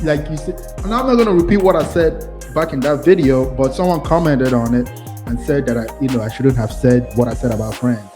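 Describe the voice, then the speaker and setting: A man hosting a reaction commentary video, talking in a rambling, hedging way and often restarting his sentences. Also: on the high side. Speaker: commentary channel host.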